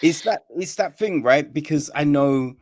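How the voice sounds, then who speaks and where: Man, podcast host, animated swooping pitch, dry sound, chatty. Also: moderate pace, no echo. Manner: chatty, animated, laughs easily. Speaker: podcast interviewer. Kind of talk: casual interview chat.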